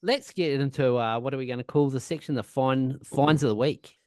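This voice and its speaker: A man's voice: mid-range voice, brisk, a little mellow, smooth, dry recording. An Australian man in his forties, co-hosting a podcast in a loose, sweary, rambling chat with lots of laughing. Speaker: podcast co-host. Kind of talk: casual chat.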